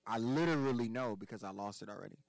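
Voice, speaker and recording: A man's voice: on the low side, fast, creaky, dry recording, soft background music, poor audio. A man from Philadelphia, a podcast guest giving life advice in casual conversation, emphatic and profane, hammering points home by repeating words.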